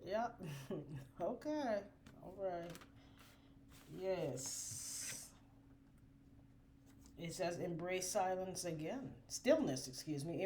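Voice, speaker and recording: Slow, preachy woman reading oracle cards. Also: lowish voice, darkish tone, slight background noise. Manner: drawn-out, preachy, affirming. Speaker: oracle card reader. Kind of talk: spiritual card reading.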